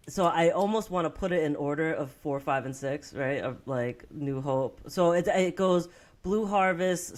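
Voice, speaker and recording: A young woman co-hosting a movie podcast, telling stories in a rambling way, full of "like" fillers, swearing and laughter. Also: deep voice. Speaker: podcast co-host. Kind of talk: casual movie-review chat.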